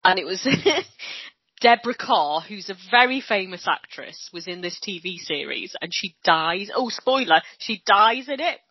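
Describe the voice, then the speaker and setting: A woman's voice: medium pitch, lively intonation, a little slow, husky, dry recording. A woman chatting casually on a video call podcast, telling stories expressively with giggles and casual swearing. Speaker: podcast co-host. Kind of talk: casual chat. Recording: dull lo-fi dry sound.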